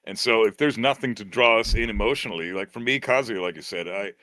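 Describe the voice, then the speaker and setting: A man's voice: on the low side, fast, sharp tone, no echo. A man in his thirties in casual chat, reminiscing, swearing often and repeating words as he goes.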